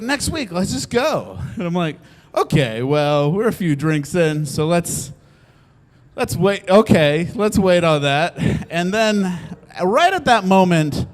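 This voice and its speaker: A young man telling a funny personal story on stage, laughing often and acting out the voices of the people in it. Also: on the high side. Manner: animated, laughs often, acts out quotes. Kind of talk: live comedic storytelling.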